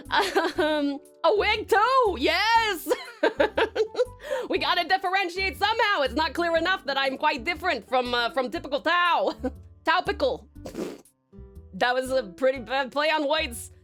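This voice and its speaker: A woman's voice: extremely high pitch, fairly bright tone. A woman from Tasmania, Australia, streaming live in casual chat, rambling and giggling as she greets viewers.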